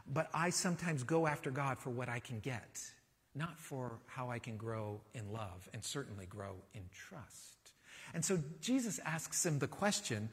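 A man preaching a sermon as pastor, talking in a conversational, animated way and asking the congregation rhetorical questions. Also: medium pitch, breathy edge, long reverb tail.

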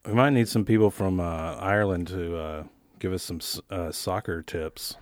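A man's voice: low voice, steady tone, moderate pace, no room sound. A man co-hosting a casual podcast, laid-back, chiming in with short remarks and dry jokes. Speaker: podcast co-host. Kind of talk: casual chat.

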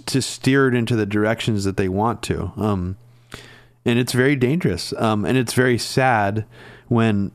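A man co-hosting a casual political discussion, ranting and exasperated, halting with fillers. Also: medium pitch, no room sound, clean studio sound. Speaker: political commentary co-host.

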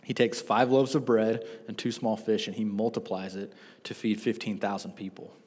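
A man in his thirties preaching a sermon, telling stories with lively self-deprecating asides. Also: fairly low pitch, normal speed, slightly rough. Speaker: pastor. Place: church sanctuary. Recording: long reverb of a church hall.

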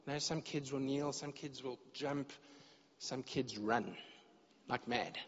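Earnest preacher guy, kinda high voice, long echo like a big church hall, dull lo-fi sound. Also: a little slow. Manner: earnest, repeats words when searching for phrasing. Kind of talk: sermon.

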